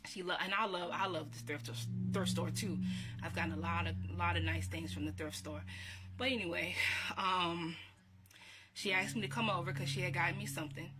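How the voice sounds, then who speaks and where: A woman, chatting warmly and reminiscing, laughing often and repeating herself. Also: on the low side, normal speed. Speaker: vlogger. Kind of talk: casual encouraging talk. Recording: steady background hiss.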